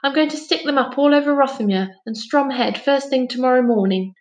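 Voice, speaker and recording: A woman's voice: high-pitched, brisk, reverberant, voice pushed up, close to an everyday voice. A woman reading aloud, voicing an eager, determined young boy who pleads urgently. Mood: insistent.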